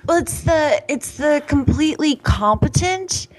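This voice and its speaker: A woman guest in a candid, casual conversation, frank and quick-witted with laughing asides. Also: high voice, animated, soft background music. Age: adult.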